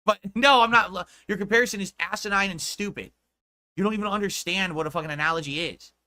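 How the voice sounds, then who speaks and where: A male streamer talks fast in a sharp, bright voice. He lectures and argues back at his chat with indignation. His voice sits fairly high. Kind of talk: livestream talk to chat.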